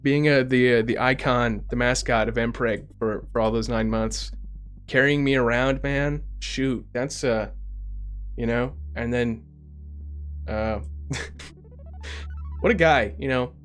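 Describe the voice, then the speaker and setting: A man's voice: medium pitch, fairly even intonation, slow, long pauses, fairly bright tone, clear, resonant tone, faint music behind. A man in his twenties, tired and rambling in a casual chat as he winds down his livestream, stammering and often giggling. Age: 20s. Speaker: streamer.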